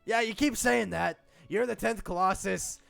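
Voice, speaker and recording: A man's voice: high voice, moderate pace, vocal fry, a bit bright, no echo, soft background music. A man narrating as game master in a casual tabletop game, laughing often as he talks.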